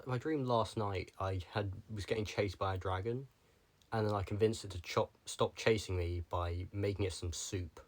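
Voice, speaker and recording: Rambling low-voiced young guy. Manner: rambling, jumps between tangents, lots of "like". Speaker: vlogger. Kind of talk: casual rambling monologue.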